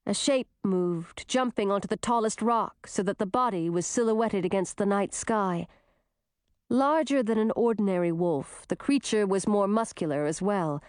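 A woman narrating a fantasy storybook in a clear, steady reading voice. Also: mid-range voice, no echo, clean studio sound. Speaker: audiobook narrator.

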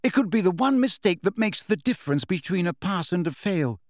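A man's voice: high voice, animated, fairly quick, no room sound, voice pushed up. A hot-tempered teenage schoolgirl witch who scolds sharply and indignantly, her voice lifted well above a man's own, as a male narrator puts her on. The storybook reading is dry and close to the mic. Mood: cross.

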